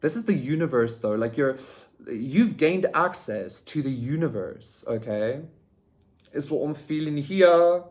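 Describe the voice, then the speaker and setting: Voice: mid-range voice, lively intonation, a little slow, a little mellow. A tarot reader giving a casual pick-a-card reading, rambling with lots of "like" and tagging lines with "okay?", swearing freely.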